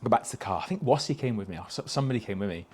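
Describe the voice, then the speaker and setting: A man's voice: lowish voice, expressive, racing, darkish tone, husky. A man, a podcast guest telling casual anecdotes, swearing freely and laughing through his stories. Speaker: podcast guest, stock car racing driver.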